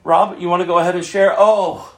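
A man preaching a sermon, moving from loud calls to hushed, near-whispered asides. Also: sits high, fairly even intonation, a little fast, roomy sound.

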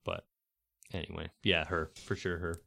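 A young man co-hosting a podcast, talking about a movie in a rambling, halting way. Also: low voice, flat delivery, creaky, pushed and bright. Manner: rambling, halting, full of fillers and restarts. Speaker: podcast co-host. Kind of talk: casual chat about a movie.

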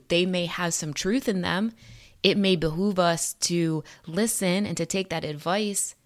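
A woman with a slightly low voice gives a spiritual tarot and astrology reading straight to her viewers. She is earnest and encouraging, and she mixes in casual swearing and street slang.

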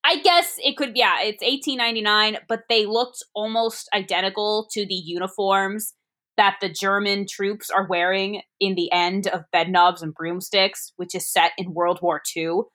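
A woman co-hosting a casual movie review chat, talking in rambling, quick asides. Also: medium pitch, steady tone, bright, forceful tone. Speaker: podcast co-host.

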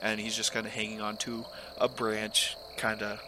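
A man's voice: lowish voice, monotone, moderate pace, noisy background. A man running a tabletop game as game master, narrating loosely with lots of fillers. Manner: casual, filler-heavy narration.

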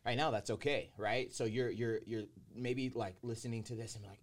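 A man hosting a podcast, encouraging and affirming, asking his guest questions in a relaxed chat. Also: mid-range voice, moderate pace. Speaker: podcast host. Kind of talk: casual podcast conversation.

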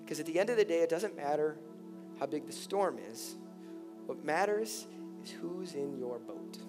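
A middle-aged male pastor preaching a sermon, earnest and impassioned, his voice climbing high when he pleads. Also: lively intonation, moderate pace. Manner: impassioned, rising to near-shouted pleas in emotional passages. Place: large church hall. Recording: reverberant church hall with soft music.

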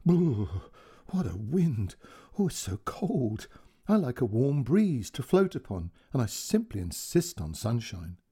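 A man's voice: medium pitch, big pitch swings, measured pace, warm tone, husky. A man doing a fussy old box kite. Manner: fussy, complaining.

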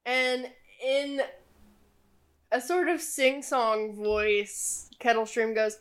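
Casting: young female game master, relaxed, unhurried narration, lots of ums. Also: a little high. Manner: relaxed, with many fillers.

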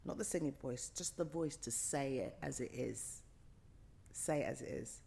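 A woman's voice: extremely low pitch, moderate pace, vocal fry, dark tone, slight background noise. Passionate middle-aged woman, emphatic guest. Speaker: actor guest. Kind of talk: casual interview chat.

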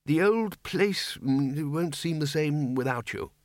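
A man's voice: fairly high pitch, lively intonation, slow pace, no echo, studio quality, voice pushed up. A man voicing a flustered elderly head wizard in an audiobook, hesitant and stammering with many ums. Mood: awkward.

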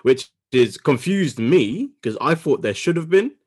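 A man hosting a casual sports podcast, talking quickly and correcting himself as he goes. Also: a little high, expressive, a little mellow, slightly rough. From United Kingdom. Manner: quick, self-correcting, talks over himself. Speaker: podcast host.

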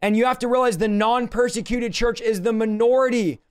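A pastor preaching on a livestream from his home office speaks in a strikingly high pitch with a steady, clean tone. He teaches scripture with urgent emphasis, driving his points home and repeatedly breaking into rapid asides.

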